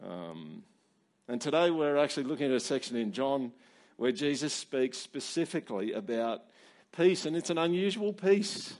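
A man's voice: medium pitch, very animated, normal speed, a little mellow. A man preaching a sermon as pastor, conversational, with rhetorical questions and fillers.

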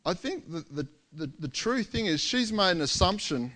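Male preacher, high voice, animated storyteller acting out the characters. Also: moderate pace. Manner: animated storytelling, acts out quoted lines. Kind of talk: sermon.

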